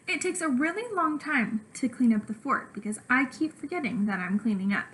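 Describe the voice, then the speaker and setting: A woman teacher reading a children's chapter book aloud with expressive, animated delivery. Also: high-pitched, brisk, hardly any pauses, slight background noise, rough recording.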